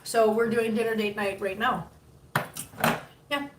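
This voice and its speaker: A fifty-year-old woman hosts a casual livestream, chatting with viewers and cooing at her cats. Her voice is fairly high with a steady tone and a measured pace. The recording sounds roomy and distant, with faint noise.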